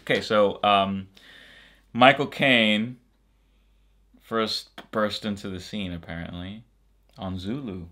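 A man's voice: lowish voice, slow, pauses often, bright, forceful tone. A man from the United States hosting a casual reaction video, thinking aloud. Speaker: YouTube reaction host.

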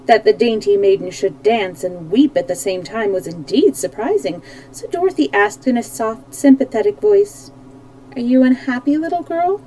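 Woman, storybook reading, calm, steady, mellow, occasional self-corrections, live stream at home. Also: mid-range voice, moderate pace, few pauses, low-quality recording. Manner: calm, even reading with small slips. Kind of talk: reading a children's book aloud.

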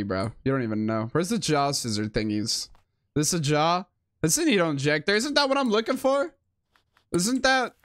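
A man's voice: high-pitched, a bit bright. A man streaming a game live, giving casual, profane, slangy commentary and laughing often.

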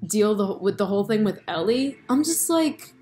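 A young woman talking to her vlog camera in a loose, chatty way. She rambles, fills every pause with "like" and "um", and breaks into laughs. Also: mid-range voice, faint music behind. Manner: chatty, animated, lots of fillers and laughs. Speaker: vlogger. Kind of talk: casual chat about a TV show.

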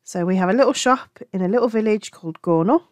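A fast-talking woman with an English Black Country accent leads a crochet tutorial, her mid-range voice friendly and chatty as she often corrects herself along the way. The recording has no echo.

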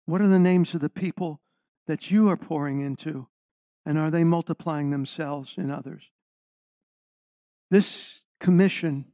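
Older guy preaching, kinda high voice, slightly muffled dull audio. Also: mellow, dry recording. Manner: earnest teaching, asks the congregation questions. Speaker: guest preacher. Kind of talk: sermon.

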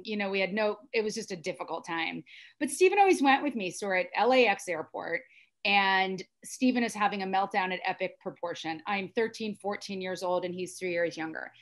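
A woman's voice: medium pitch, moderate pace. A middle-aged American woman telling her personal story as a podcast guest, earnest and intense. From United States. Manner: earnest and intense, with frequent restarts.

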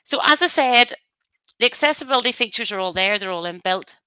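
A woman giving a webinar software demonstration as a trainer, talking on a headset mic in a chatty, explanatory way with practical asides. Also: on the high side, expressive, fairly quick, smooth, dry recording.

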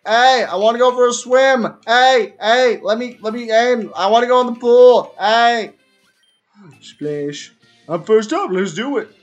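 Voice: mid-range voice, a little slow, lo-fi sound. A VTuber streamer giving casual gameplay commentary, playfully mocking opponents, with faint game music behind.

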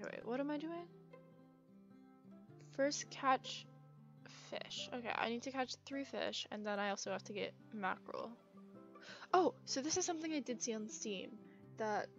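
A young woman talking casually and chattily to herself while playing a video game, over muffled game music. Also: on the high side. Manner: chatty, upbeat, self-talking. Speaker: gaming video creator. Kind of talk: casual gameplay commentary.

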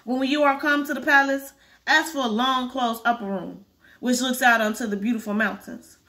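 A woman reading aloud as a lively, teasing old fairy godmother in a storybook, with a bright voice. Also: high-pitched, moderate pace. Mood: gentle.

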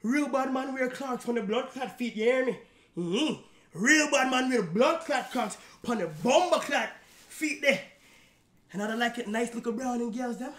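A man's voice: very high-pitched, normal speed, fairly bright tone, roomy sound. A man voicing a swaggering Jamaican bad man with a put-on Jamaican accent and boastful patois slang.

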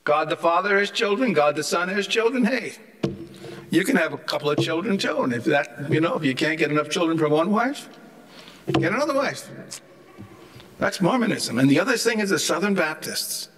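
A man's voice: on the high side, animated, moderate pace, a bit bright. An older man giving a humorous, anecdotal theology lecture, chatty and rambling, with wry joking asides.

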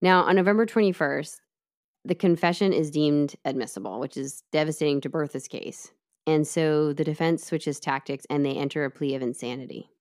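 A woman with a notably low voice retells a criminal trial step by step for her co-host. She is chatty and easygoing, with plenty of asides. The delivery is casual storytelling rather than a read script. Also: a little fast, a little mellow. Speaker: podcast co-host telling the case. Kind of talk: casual true-crime storytelling.

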